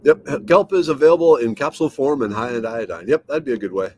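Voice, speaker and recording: A man's voice: medium pitch, fast, a little mellow. Easygoing man chatting with viewers. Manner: rambling, easygoing, thinks aloud with fillers. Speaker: livestream host. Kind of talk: casual chat, reading viewer comments aloud. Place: at home.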